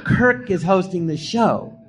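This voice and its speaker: A man, a comedian guest, telling stories in a live podcast and acting out the quotes in high, shouted voices. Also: expressive, takes it slowly, noisy background. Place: podcast theatre before a live audience.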